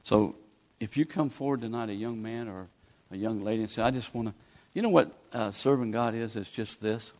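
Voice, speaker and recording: A man's voice: on the low side, fairly quick, hardly any pauses, a little mellow. A man, preaching a sermon in a folksy, pleading, conversational way as a guest preacher. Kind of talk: sermon with altar call.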